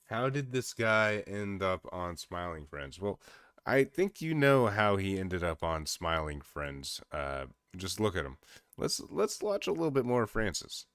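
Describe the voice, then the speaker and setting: A man's voice: low-pitched, big pitch swings, unhurried, a bit bright, clear, resonant tone, no room sound, studio quality. A man streaming casual reaction commentary, laughing and exclaiming in disbelief.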